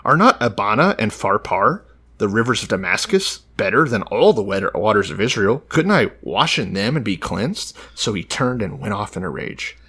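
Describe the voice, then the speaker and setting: A man's voice: lowish voice, big pitch swings, moderate pace, sharp tone, husky. A man co-hosting a casual podcast, easygoing, sometimes reading a passage aloud. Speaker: podcast co-host.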